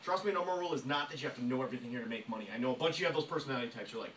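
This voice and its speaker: Excitable male trainer, rapid-fire and bright, echoey meeting room, mic at a distance. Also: mid-range voice, a little hiss or hum. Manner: fast, excitable, emphatic, often acts out phone calls. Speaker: network marketing trainer. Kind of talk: energetic live training talk.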